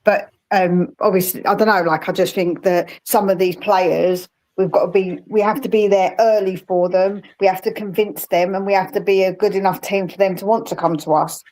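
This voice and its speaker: A woman's voice: medium pitch, steady tone, moderate pace, few pauses, a little mellow, poor audio. A woman who is a parent, speaking bluntly and emphatically in a casual livestream chat.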